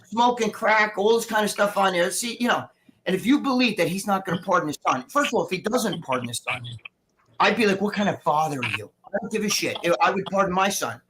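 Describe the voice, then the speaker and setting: A man's voice: high voice, animated, a little fast, fairly bright tone, slight background noise, poor audio. Profane rambling New man. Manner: profane, rambling, acts out quotes. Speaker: guest. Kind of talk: casual political rant. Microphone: video call.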